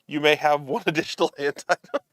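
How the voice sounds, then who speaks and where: A man's voice: fairly high pitch, fairly quick, no echo, clean studio sound. A man hosting a live show, chatting casually as he unboxes a card game and reads the cards aloud, amused and chuckling often.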